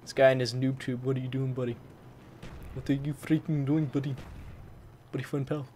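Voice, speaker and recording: A man doing excitable gameplay commentary, who swaps swear words for mild ones like "fudge" and breaks into loud, high-pitched outbursts. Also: fairly quick. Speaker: gaming channel host. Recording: faint game noise behind. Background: gunfire from the game.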